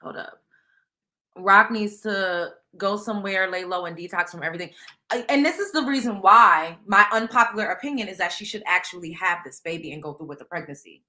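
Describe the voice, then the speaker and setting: Blunt bright-voiced woman with Southern accent. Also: mid-range voice, a little fast. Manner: blunt, emphatic, slangy, addresses viewers directly. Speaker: host. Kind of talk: casual live-stream commentary.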